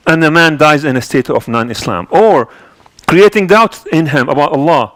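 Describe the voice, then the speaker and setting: A man delivering a mosque sermon, his voice sitting a bit higher than most men's. He speaks earnestly, circling back and restarting his phrases as he goes. The sound is dry and close, with no room echo. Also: big pitch swings, normal speed, fairly bright tone. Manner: earnest, repetitive with frequent restarts and fillers. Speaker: imam giving Friday sermon.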